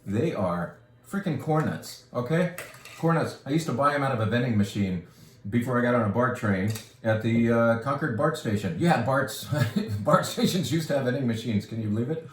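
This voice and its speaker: A man's voice: medium pitch, animated, moderate pace, roomy sound, a little hiss or hum. A man from California, hosting a wine shop video in a casual, enthusiastic, rambling way. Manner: enthusiastic, rambling, jokey asides. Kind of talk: casual product talk and wine tutorial.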